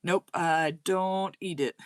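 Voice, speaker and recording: Her voice is on the low side, smooth and steady, delivered slowly with no room sound. She hosts a crochet channel livestream in a slight Southern US accent, casually reading out and answering viewers' comments.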